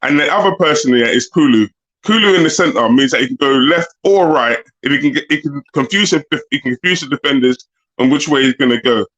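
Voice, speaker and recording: A man's voice: mid-range voice, expressive, brisk, a bit bright. A man explaining his views emphatically as a panelist, heard over a dull lo-fi remote mic. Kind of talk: casual chat.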